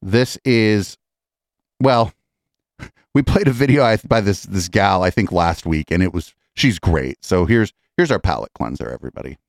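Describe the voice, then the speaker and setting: A man hosting a live podcast in casual commentary, profane and rambling, often clearing his throat. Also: low-pitched, lively intonation, normal speed, no echo, clean studio sound. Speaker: podcast host.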